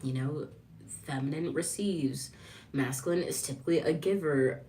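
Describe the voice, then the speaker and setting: A woman chatting casually on a livestream vlog, animated, laughing often, and acting out quoted lines. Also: low voice, normal speed, distant mic, slight background noise. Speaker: lifestyle vlogger.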